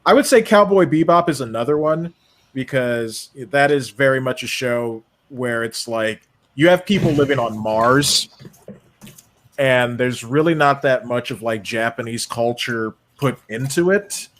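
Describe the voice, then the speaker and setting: A man's voice: medium pitch, a little slow, fairly bright tone. A man in his twenties hosting a casual watch party chat, reading viewer messages aloud and laughing often.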